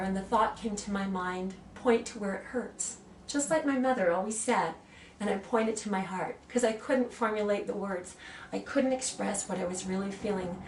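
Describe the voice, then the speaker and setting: A woman in her sixties, an aromatherapy practitioner, who gently demonstrates oils and tells personal stories in a soft, earnest way. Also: medium pitch, a little hiss or hum. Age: 60s. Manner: soft, earnest, reads blessings slowly. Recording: roomy sound from a distant mic, faint ambience.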